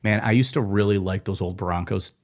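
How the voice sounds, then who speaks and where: A man's voice: lowish voice, steady tone, fairly quick. A man co-hosting a podcast in casual, joking banter, emphatic and profane. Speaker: podcast co-host.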